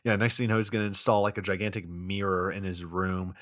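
A man's voice: sits low, level tone, fast, a bit bright, no echo, clean studio sound. A man co-hosting a podcast, casually recapping a bad movie in a rambling, profane way full of "like". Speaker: podcast co-host.

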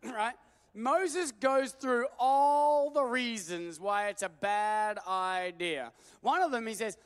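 A man preaching a sermon in an animated, jokey way, calling for amens from the congregation. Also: high-pitched, a little slow, smooth. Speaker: pastor.

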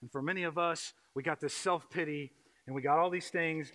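Pastor guy preaching, goes from soft and slow to loud and pleading, bright voice. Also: fairly even intonation, rough recording. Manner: swings from quiet and slow to loud, high-pitched impassioned pleading. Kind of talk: sermon.

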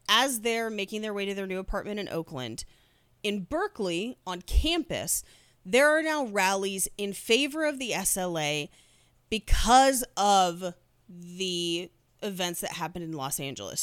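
A woman's voice: medium pitch, a bit bright, smooth, dry recording. A woman hosting a podcast who tells a true crime story in a casual, chatty way. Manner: laughs while telling the story.

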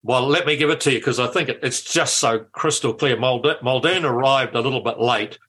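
An older man, a former politician telling anecdotes in a lively way, with frequent restarts. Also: mid-range voice, a little fast, husky. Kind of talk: anecdotal storytelling.

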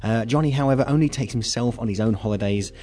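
A man's voice: mid-range voice, fast talker, mellow. A man with an English accent co-hosting a local radio show, chatting and teasing his partner with lots of fillers. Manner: joking, teasing, with frequent fillers.

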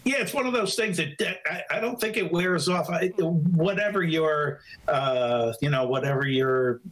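A man's voice: fairly high pitch, moderate pace, rough recording. Easygoing New man. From New Jersey. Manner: relaxed, self-deprecating, with fillers. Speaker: guest author and illustrator. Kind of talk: casual interview chat.

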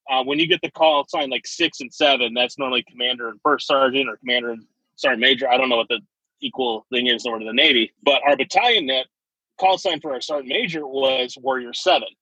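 A man's voice: medium pitch, sharp tone, husky, no room sound, muffled recording. A young man, an army veteran, telling stories in a casual chat and laughing often between them.

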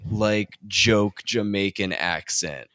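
A man's voice: lowish voice, slow, very noisy. A man co-hosting a casual podcast chat, rambling through stories with fillers and laughs. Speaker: podcast co-host.

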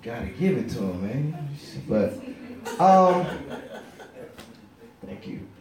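A man in his thirties doing a stand-up comedy set, loud and profane, rambling and shouting his punchlines. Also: medium pitch, sing-song, takes it slowly, very echoey, far from the mic. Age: 30s.

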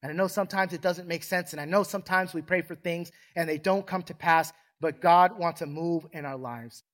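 Male pastor, sermon voice, a bit high-pitched, call-and-response preaching in a church. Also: a little fast, a bit bright. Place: church sanctuary.

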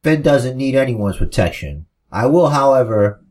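A man voicing a confident male wrestling hero, forceful and defiant. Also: medium pitch, very animated, normal speed, natural voice.

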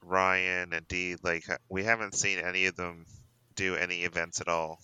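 A man's voice: sits low, level tone, normal speed, pushed and bright, clean tone, no echo, low-quality recording. A man from Canada, hosting a podcast in eager, chatty casual talk. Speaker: podcast host.

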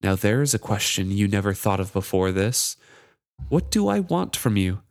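A man's voice: fairly low pitch, sing-song, normal speed, dry recording, studio quality. A man voicing a cruel, mocking wooden charm that taunts a pirate captain, in a raised, sneering voice. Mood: savoring.

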